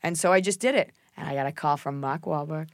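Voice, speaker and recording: Joking young woman, low voice. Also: no echo, studio quality. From Texas, USA. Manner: quick, jokey, rambling with restarts. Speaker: co-host, actress. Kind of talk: casual podcast chat.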